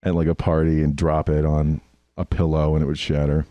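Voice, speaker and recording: A man's voice: extremely low pitch, completely flat delivery, brisk, no echo, highs cut off. A man hosting a casual comedy podcast, telling rambling, jokey stories. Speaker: podcast host.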